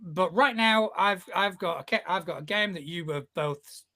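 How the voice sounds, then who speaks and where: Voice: mid-range voice, normal speed, sharp tone. A podcast co-host in casual chat, steering the talk with questions.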